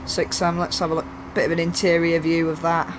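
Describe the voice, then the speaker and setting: A man's voice: fairly high pitch, monotone, brisk, background noise. Jokey rambling man on game commentary. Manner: rambling, jokey, self-mocking. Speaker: gaming YouTuber. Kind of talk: casual gameplay commentary.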